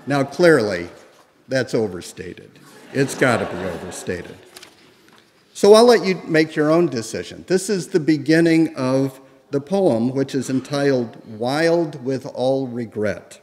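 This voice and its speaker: A man's voice: mid-range voice, lively intonation, unhurried, a little mellow. A man giving a public history lecture, telling the story conversationally with occasional fillers. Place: lecture room. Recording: long reverb of a lecture room.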